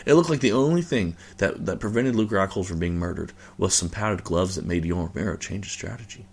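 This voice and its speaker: Gravelly guy hosting a fight reaction show, rambling rant, swears a lot, lots of like and you know. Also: deep voice, fairly quick. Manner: rambling, profane, many fillers and restarts. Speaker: host.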